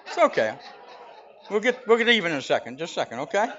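A man's voice: high-pitched, sing-song, fast talker, fairly bright tone, dull audio, slight background noise. A man giving a folksy, conversational sermon in a church, mixing jokes with storytelling. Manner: folksy, conversational, with restarts and chuckles. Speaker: church speaker. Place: church sanctuary.

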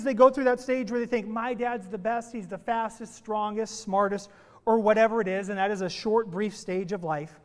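A high-pitched male pastor delivers a sermon in a church sanctuary, his voice trailing off into a long hall reverb. He tells jokes in a playful, animated way before he starts preaching. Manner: playful, animated joke-telling.

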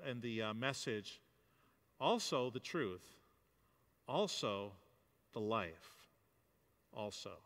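A man's voice: a little high, pushed and bright. A male pastor preaching a sermon in a loose, conversational way, with fillers and restarts. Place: church hall. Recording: long hall reverb.

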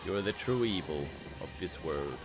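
A man streaming a racing game, reacting out loud with yelps, groans and laughs as he plays. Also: deep voice, lively intonation, normal speed, over music. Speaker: gaming streamer. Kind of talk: live game commentary.

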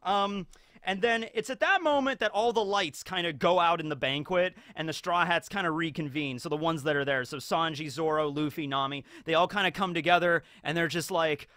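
A man's voice: sits high, normal speed, bright, forceful tone, dry recording. A man hosting a video, recapping a movie in a rambling, casual way full of fillers. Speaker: video host.

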